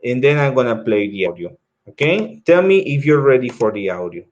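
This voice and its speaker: A man's voice: mid-range voice, big pitch swings, brisk, darkish tone, muffled recording. A man teaching an English class, explaining tasks patiently step by step, repeating himself and often checking in with "okay?". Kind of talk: classroom instruction.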